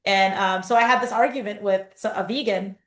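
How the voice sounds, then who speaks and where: A woman guest telling stories in a casual interview over a video call, acting out her own quotes with lively energy. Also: medium pitch, fairly quick. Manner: animated storyteller, acts out her own quotes. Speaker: guest, company founder. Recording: roomy echoey sound.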